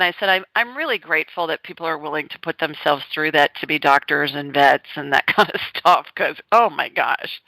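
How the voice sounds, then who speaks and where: A woman's voice: on the low side, sharp tone, dry recording, poor audio. A middle-aged woman, hosting a podcast in a chatty, upbeat way. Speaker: host. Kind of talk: casual chat.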